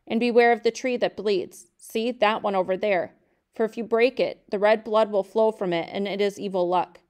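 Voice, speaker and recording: A woman's voice: medium pitch, steady tone, moderate pace, darkish tone, close to an everyday voice. A woman reading as a wary young fisherman. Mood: warning. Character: young male pearl diver, wary and fierce.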